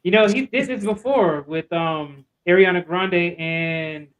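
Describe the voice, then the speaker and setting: A man's voice: high voice, unhurried, low-quality recording. A man appearing as a guest on a live stream, talking in a frank, laid-back way. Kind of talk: casual live-stream chat.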